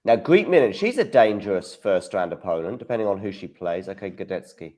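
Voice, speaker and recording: A man's voice: fairly low pitch, lively intonation, brisk, a little mellow. A man co-hosting a casual chat, reading out names and reacting briefly. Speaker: co-host.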